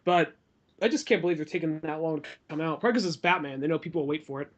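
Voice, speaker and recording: A man's voice: fairly high pitch, very fast, dull audio. A man in his twenties co-hosting a podcast, talking casually in a loose, profane, musing way. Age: 20s. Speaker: podcast co-host. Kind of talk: casual chat.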